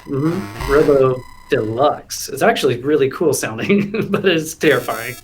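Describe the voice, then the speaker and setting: A man co-hosting a casual livestream chat from home, joking around with quick asides. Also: mid-range voice, lively intonation, over music. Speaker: co-host.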